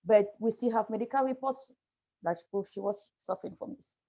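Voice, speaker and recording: A woman speaking as a panel guest over a video call, halting and apologetic as she shares a painful personal story. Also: mid-range voice, gravelly, mellow. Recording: muffled lo-fi video call audio.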